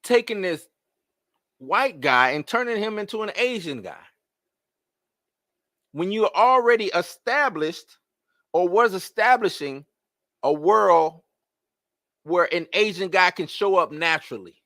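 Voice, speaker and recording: Live-stream host, man, bright high voice, exasperated rhetorical rant, dry close sound. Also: unhurried, pauses often, dry recording. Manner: animated, rhetorical questions, exasperated. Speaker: host of a live movie-news show. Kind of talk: casual live-stream commentary.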